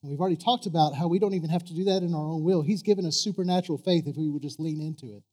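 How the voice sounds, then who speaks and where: A preacher with a somewhat high voice delivers a sermon in an earnest, halting way. He trips over his words, circles back and repeats phrases before driving a point home. He throws questions out to his congregation. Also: dark tone. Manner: earnest, stumbling restarts and repeated words, rising to emphatic peaks.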